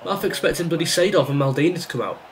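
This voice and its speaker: Young male gaming creator, sarcastic ranting commentary, slightly raised pitch, faint background noise. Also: rapid-fire. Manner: exasperated, sarcastic, ranting at the game. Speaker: gaming YouTuber. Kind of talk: frustrated live gameplay commentary.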